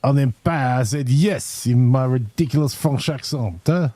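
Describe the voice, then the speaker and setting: Mellow-voiced chatty streamer man. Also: mid-range voice, moderate pace, dry recording. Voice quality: jokey, chatty, reads chat aloud. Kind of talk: casual gameplay commentary.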